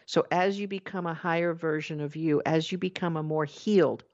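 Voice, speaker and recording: A woman giving a spiritual talk, acting out everyday inner voices and slowing down to stress key words. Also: deep voice, steady tone, a little mellow. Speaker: spiritual teacher. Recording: dull lo-fi recording.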